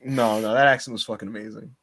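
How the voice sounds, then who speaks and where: A man co-hosting a casual podcast, excitable and teasing, laughing often as he talks. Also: on the low side, fast. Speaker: podcast co-host.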